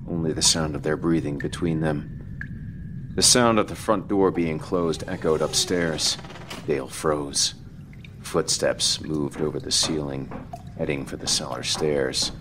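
A man reading a horror story aloud in a measured, even storytelling manner for a podcast. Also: very deep voice, noisy background. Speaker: podcast narrator. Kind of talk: scripted horror narration.

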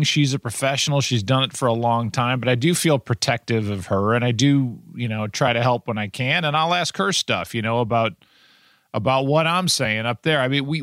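A man co-hosting a podcast who speaks thoughtfully and in a measured way, with a few restarts. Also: mid-range voice, a bit bright, dry recording, studio quality. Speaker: podcast co-host. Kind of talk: casual podcast chat.

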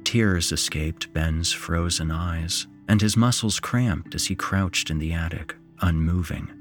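A man narrating a horror story in a slow, suspenseful way. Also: sits low, faint music behind.

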